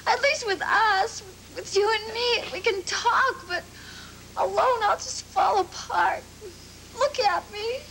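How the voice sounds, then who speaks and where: A woman's voice: very high-pitched, slow, creaky, bright, forceful tone, a little hiss or hum, heavily acted, low-quality recording. An actress playing a former womanizer reborn as a frightened young woman, pleading and tearful by turns with wry jokes, in 1980s sitcom style. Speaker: sitcom lead. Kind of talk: 1980s television sitcom acting.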